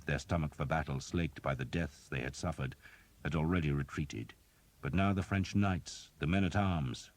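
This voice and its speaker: Very deep-voiced male audiobook narrator. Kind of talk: scripted narration.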